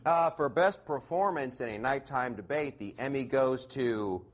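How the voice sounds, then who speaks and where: A man's voice: mid-range voice, measured pace, few pauses, noisy background. A man from the United States delivering a sarcastic stand-up comedy monologue, laughing at his own jokes.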